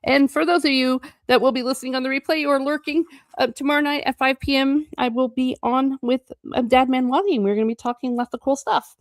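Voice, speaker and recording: A book reading channel host reads a classic novel aloud in a high-pitched, fairly even voice with clean studio sound and no room echo. She often breaks between passages for quick, playful, chatty asides.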